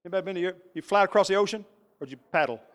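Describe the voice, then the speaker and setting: A man's voice: high voice, racing. A man preaching a sermon, telling a folksy story with repeats and asides to his congregation. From Texas. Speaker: pastor. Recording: echoey hall with long reverb.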